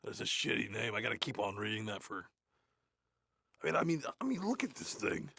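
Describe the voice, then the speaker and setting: Cartoon role: a gruff, crude metal frontman with a sore throat, low gravelly growl, husky. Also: very animated, fairly quick, pushed and bright, no room sound, studio quality, full character voice. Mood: bored. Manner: bored, crude, swearing, mumbling asides. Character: gruff, grumbling male death metal frontman. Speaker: reader of a play. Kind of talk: comedic in-character reading.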